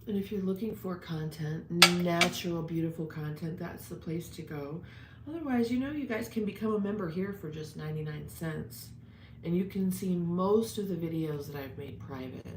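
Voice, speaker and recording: A woman's voice: low-pitched, normal speed. Chatty woman livestreaming in an echoey room. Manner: chatty, greeting viewers and promoting her page. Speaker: livestream host. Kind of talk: casual livestream chat. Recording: echoey room with faint noise.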